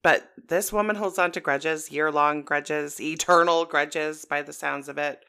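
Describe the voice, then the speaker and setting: Woman, from Canada, podcast co-host, blunt and swearing, low bright voice. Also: fairly even intonation, measured pace, clean tone. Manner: blunt, swears, laughs easily. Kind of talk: casual recap chat.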